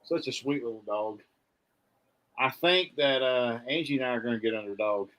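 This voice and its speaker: A man in casual chat as a podcast co-host, easygoing and soft-spoken. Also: medium pitch, normal speed.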